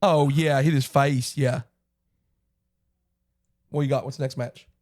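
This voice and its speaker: A man chatting casually as a podcast co-host. His voice sits at an ordinary middle pitch. It is recorded dry and close, and he rambles, breaking off and restarting his sentences. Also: fairly even intonation, unhurried, a little mellow, no room sound. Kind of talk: casual chat.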